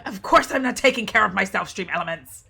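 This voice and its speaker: A woman's voice: medium pitch, expressive, normal speed, vocal fry, sharp tone, breathy edge, faint music behind. Foul-mouthed woman streaming a game. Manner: profane, laughing, exasperated. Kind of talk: casual gameplay commentary.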